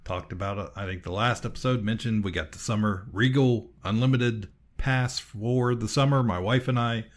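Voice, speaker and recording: A man with a fairly low voice chatting casually on a podcast. He rambles through a story, stopping and restarting often and filling pauses with ums. His tone stays easygoing and conversational. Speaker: podcast co-host.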